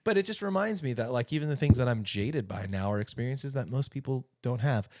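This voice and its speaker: A man in his thirties co-hosting a casual podcast chat, animated and jokey, rambling through stories. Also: mid-range voice, a little fast, slight background noise. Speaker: podcast co-host.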